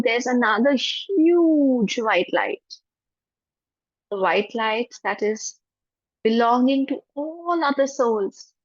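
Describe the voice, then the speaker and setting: A woman with an Indian English accent, a spiritual teacher leading an online class and a guided forgiveness meditation in a gentle, soothing voice. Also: a little high, no room sound. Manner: gentle, soothing, repeats phrases slowly. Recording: dull, dry lo-fi audio.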